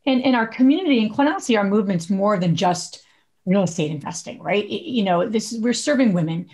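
A middle-aged woman co-hosting a podcast, chatting casually and telling stories with animated asides and frequent laughs. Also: mid-range voice, fast. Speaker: podcast co-host.

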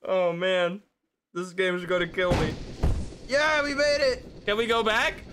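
A man's voice: sits high, steady tone, unhurried, background noise. A young man streaming a video game live, reacting with laughter, surprise and swearing as he plays. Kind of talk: live gameplay commentary. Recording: game music under voice. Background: game music.

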